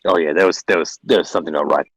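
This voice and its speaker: A man's voice: a bass voice, steady tone, no echo, dull audio. A man as guest in a casual movie review chat, rambling and repeating himself as he retells scenes. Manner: fast, rambling, repeats words. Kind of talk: casual film discussion.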